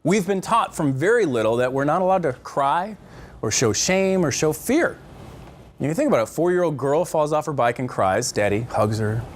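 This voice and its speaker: A middle-aged man teaching a marriage class at a church, lecturing in an animated, joking way and acting out quotes in voices. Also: a little high, normal speed. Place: church classroom with a live group.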